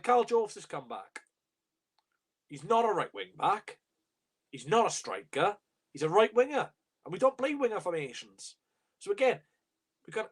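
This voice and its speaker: A man's voice: high voice, slightly rough. A young man hosting a live fan reaction stream, ranting bluntly and swearing in exasperation. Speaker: fan channel host.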